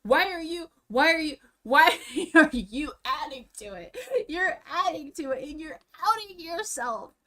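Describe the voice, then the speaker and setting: A woman's voice: high voice, expressive, unhurried, hardly any pauses, fairly bright tone. A young woman streamer ranting in a casual, profane, exasperated way, repeating herself as she talks from a room at home. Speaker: streamer reacting to drama videos.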